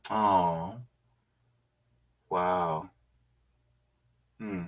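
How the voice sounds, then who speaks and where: A man hosting a casual livestream, reading viewer comments aloud and musing on them in a laid-back way with quiet hums. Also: low voice, steady tone, very slow, lo-fi sound.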